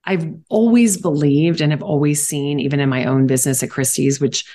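A woman in her forties from Louisiana, a guest on a podcast interview, telling stories in an animated and upbeat way. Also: sits low. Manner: animated storyteller, quick and upbeat with laughs. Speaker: guest, charity auctioneer and founder.

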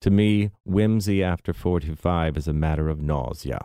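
A man's voice: low-pitched, normal speed, mellow, smooth, no echo, clean studio sound. A man voicing a theatrical, bitter, self-pitying aging mother in an arch, mannered way.

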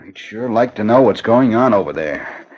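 An actor playing a steady, joking young husband in a 1950s radio drama, with a husky voice and a reassuring, clipped delivery. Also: male voice, fairly low pitch, moderate pace. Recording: dull 1950 radio recording.

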